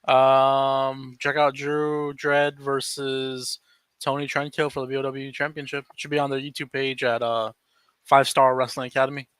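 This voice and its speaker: Male podcast co-host, chatty and loose, crisp bright voice, dry sound. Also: medium pitch, flat delivery, no room sound. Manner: easygoing, chatty, quick asides. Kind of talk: casual podcast chat.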